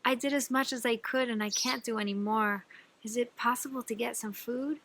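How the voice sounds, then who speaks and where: A woman's voice: on the high side, steady tone, normal speed, fairly bright tone. A woman voicing a hungry, exhausted traveler who is earnest and eager to please. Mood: pleading. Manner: earnest, pleading then insistent.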